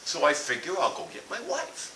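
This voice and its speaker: A man's voice: a little high, huge pitch swings, moderate pace, bright, forceful tone. A man telling a blunt, profane comic rant about a family vacation. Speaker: comedic ranter. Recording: echoey room from far off with hiss.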